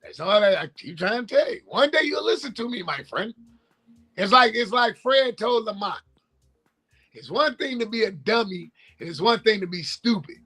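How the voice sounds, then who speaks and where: A man co-hosting a casual sports show, needling his partner with jokes. His voice is high and swings widely in pitch. He breaks into shouting when he gets worked up. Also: expressive, normal speed, slightly rough, soft background music. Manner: teasing, jokey, bursts into shouting. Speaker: sports talk show co-host. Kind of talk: casual live sports talk.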